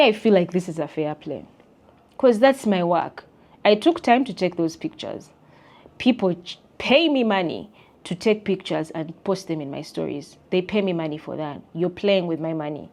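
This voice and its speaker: A young woman with a Ugandan accent, ranting to her viewers in an emphatic, indignant, chatty way. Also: lowish voice. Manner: emphatic, indignant, animated with voiced quotes. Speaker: vlogger and content creator. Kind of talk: casual rant to camera.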